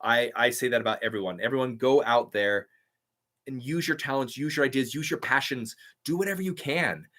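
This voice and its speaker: A man's voice: mid-range voice, a little fast, sharp tone. Upbeat man chatting on a live stream. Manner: eager and upbeat, with frequent "like" and "um". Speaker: YouTube creator hosting a live stream. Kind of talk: casual live-stream chat reading viewer comments.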